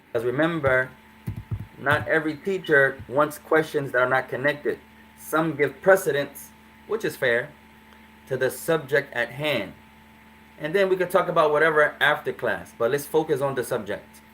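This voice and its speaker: A man teaching an Arabic class in English, explaining phrases slowly and repeating them. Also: on the high side, fairly bright tone, slight background noise. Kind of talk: classroom lesson.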